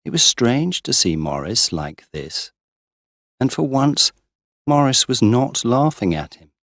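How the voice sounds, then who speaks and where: A man reading a simple story aloud for English learners, slow and deliberate. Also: mid-range voice, big pitch swings, a bit bright, dry recording, studio quality. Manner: slow, deliberate, clearly paced. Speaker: audiobook narrator. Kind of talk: scripted narration for English learners.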